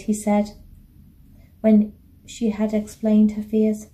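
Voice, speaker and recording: A woman teacher reading a children's novel aloud in a gentle, expressive storytelling manner. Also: mid-range voice, measured pace. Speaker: primary school teacher.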